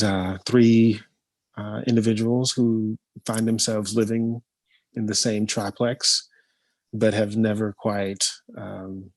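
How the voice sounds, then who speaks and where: A man, a playwright and teacher, talking casually and thoughtfully, pausing often with ums and uhs. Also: lowish voice, no room sound. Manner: slow, thoughtful, with many hesitations. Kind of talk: casual conversation.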